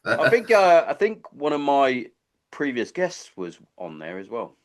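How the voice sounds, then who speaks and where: A man's voice: medium pitch, huge pitch swings, measured pace. A man hosting a podcast, chatting casually and telling long rambling anecdotes full of swearing. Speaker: podcast host. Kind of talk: casual chat.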